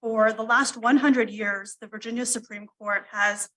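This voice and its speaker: A woman arguing an appeal before a panel of judges, measured and deferential in tone. Her voice sits a little high, and she fills pauses with ums. The sound comes from a courtroom livestream. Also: fairly even intonation, a bit bright, poor audio. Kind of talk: formal legal argument.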